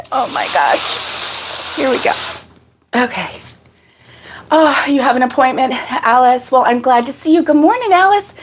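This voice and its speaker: A woman's voice: sits high, lively intonation, takes it slowly, pauses often, noisy background. A woman hosting a casual live crochet stream, out of breath, chatting and greeting viewers by name. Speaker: crochet channel host.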